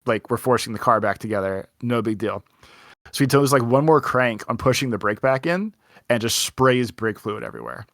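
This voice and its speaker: Young dude rambling thru a story on a podcast, lots of "like", dry mic, no room. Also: male voice, mid-range voice, moderate pace, fairly bright tone, dry recording. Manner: rambling anecdote with lots of "like" and quoted dialogue. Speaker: podcast co-host. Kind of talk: casual storytelling chat.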